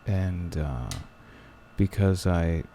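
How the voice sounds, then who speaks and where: In casual podcast chat, a male co-host rambles with many fillers and restarts. His deep, dark voice moves very slowly, with slight background noise present.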